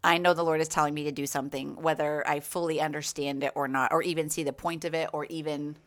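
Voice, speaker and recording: Low-pitched woman from Maine, returning co-host, candid and reflective. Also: little pitch movement, quick pace. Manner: reflective, speaks openly about faith. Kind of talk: casual chat.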